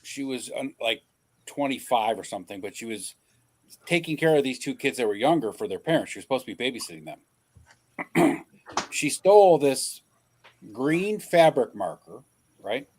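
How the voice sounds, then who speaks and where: A man with a mid-pitched voice telling a work story on a home live stream. He talks bluntly, swears freely and sounds openly incredulous. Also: sing-song, normal speed, pauses often, darkish tone. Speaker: co-host of a toy live stream. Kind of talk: casual storytelling chat. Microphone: streaming mic.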